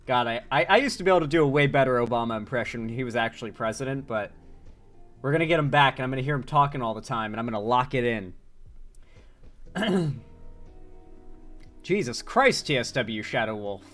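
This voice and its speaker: Hosting a live political commentary stream, a man reads chat aloud in an animated, joking way and swears casually. His mid-range voice moves fairly quickly, broken by long pauses, over soft background music.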